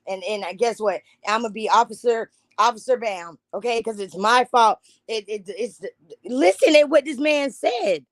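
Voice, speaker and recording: A woman's voice: on the high side, animated, normal speed, no echo. Heated woman ranting. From Jacksonville, Florida. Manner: heated, blunt, profane. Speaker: vlogger reacting to news. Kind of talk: profane reaction rant.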